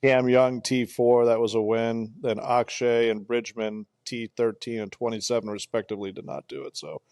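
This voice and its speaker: A man with a smooth, resonant voice chats casually and runs through quick recaps. He is recorded on a close mic with a dry sound. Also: mid-range voice, level tone, a little mellow, dry recording. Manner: chatty, recaps picks in quick lists. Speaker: podcast co-host. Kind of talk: casual chat.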